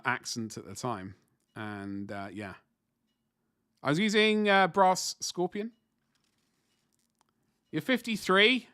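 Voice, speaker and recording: A man's voice: mid-range voice, fairly bright tone, no room sound, studio quality. A man in his forties chatting casually on a livestream while painting miniatures, rambling and self-deprecating as he answers chat. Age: 40s.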